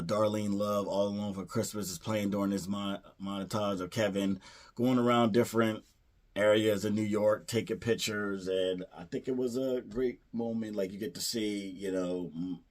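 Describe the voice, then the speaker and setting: A man with a low, deep voice talks through a movie's plot in a loose, casual way. He wanders and restarts his sentences, leaning on "you know" and "uh" as he goes. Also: a little mellow. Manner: rambling, many fillers and restarts; playfully acts out character lines. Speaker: movie reviewer.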